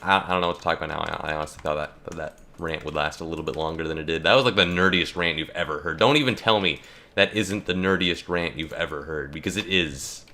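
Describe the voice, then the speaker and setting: A man's voice: very deep voice, fast, pushed and bright, a little hiss or hum. A young man ranting jokingly and rambling while he plays a video game, full of fillers and restarts. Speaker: gaming YouTuber. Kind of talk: casual rant while playing.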